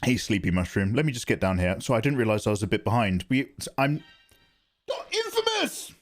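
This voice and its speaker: A man streaming live art who chats casually with viewers in a rambling, animated way and often laughs. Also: fairly low pitch, quick pace, soft background music. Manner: animated, rambling, laughs into his own impressions. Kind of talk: casual livestream chat.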